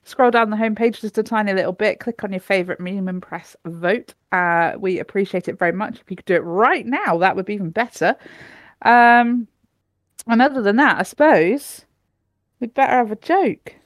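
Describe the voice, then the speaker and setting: A woman's voice: medium pitch, normal speed, dry recording. A woman co-hosting a casual podcast, chatty and giggly, sometimes ranting. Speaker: podcast co-host. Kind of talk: casual chat.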